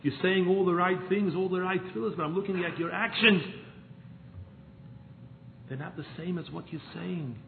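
A man's voice: sits high, normal speed, vocal fry, long pauses, slight background noise. Man preaching a parable on a tinny line. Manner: storytelling, swings from hushed to pleading. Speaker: rabbi. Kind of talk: Jewish sermon with parables. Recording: echoey room over a tinny phone-like line.

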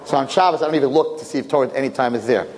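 A male rabbi giving a sermon as a lively story, jumping into voices and joking with his listeners. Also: mid-range voice, very fast. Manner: animated, acts out voices, jokes with listeners. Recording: long reverb, faint background noise.

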